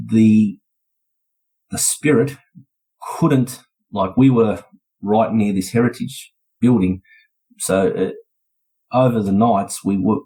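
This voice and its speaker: A man's voice: fairly low pitch, mellow, breathy edge, low-quality recording. An Australian man, a podcast guest, recounting events in a chatty, laid-back way. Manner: chatty, laid-back, slips into voices when quoting. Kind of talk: casual storytelling.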